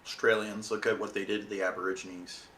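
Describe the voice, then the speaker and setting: An American man hosting a casual stream podcast, trading sardonic deadpan jokes. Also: lowish voice, fast talker, a little hiss or hum. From United States. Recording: roomy echo.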